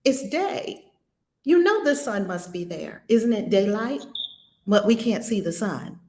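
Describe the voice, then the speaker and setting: A woman's voice: mid-range voice, very animated, unhurried, mellow, reverberant. A woman leading a spiritual lesson at home, asking many rhetorical questions in an emphatic way. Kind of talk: spiritual teaching with questions to a student.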